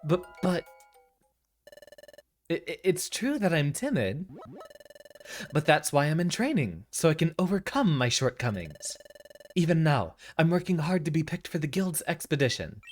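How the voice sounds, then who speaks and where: A man's voice: on the high side, huge pitch swings, very slow, few pauses, a bit bright, husky, faint music behind, pitched above the performer's own voice, heavily acted. A man voicing a timid young male trainee explorer who stammers nervously and pleads. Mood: pleading.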